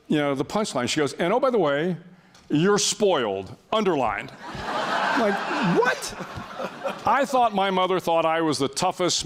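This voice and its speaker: An older man speaking as a guest before an audience, telling a story in a wry, self-deprecating way with frequent restarts. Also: sits high.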